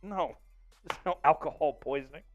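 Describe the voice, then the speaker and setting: A man hosting a casual sports livestream, reading out viewer donations, excitable and laughing often. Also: fairly high pitch, normal speed, lo-fi sound, soft background music. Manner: excitable, reads out super chats, laughs often. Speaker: livestream host.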